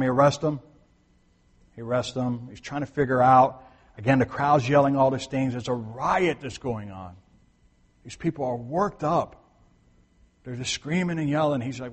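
Here a pastor delivers a conversational sermon at normal speed, his mid-range voice breathy at the edges and trailed by long reverb. He repeats himself for emphasis and often breaks off to restart or fix a sentence.

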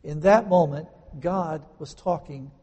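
A man preaching a sermon as a pastor, earnest, slowing down to stress key words. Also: a little high, darkish tone, breathy edge. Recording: long hall reverb.

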